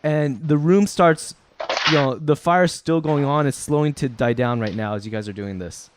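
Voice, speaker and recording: A man's voice: a little high, normal speed, background noise. A man narrating a tabletop game as game master, explaining rules and describing scenes with frequent ums.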